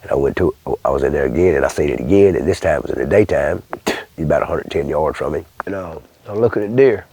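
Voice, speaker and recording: A man's voice: extremely low pitch, fast talker, creaky, warm tone, breathy edge, no room sound. An older man from Louisiana with a bayou accent, telling a rambling, folksy story full of swearing in an interview. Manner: rambling, folksy, swears often, acts out voices.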